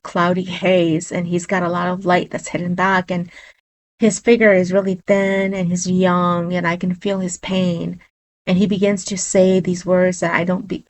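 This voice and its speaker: Low-voiced woman telling a shaman story. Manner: earnest, vivid retelling. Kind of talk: personal storytelling.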